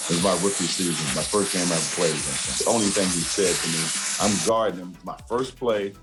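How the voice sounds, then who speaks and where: A man with a fairly low voice recounts an old game calmly. Loud music nearly covers his voice. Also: fast. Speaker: former player in interview clip. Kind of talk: interview storytelling.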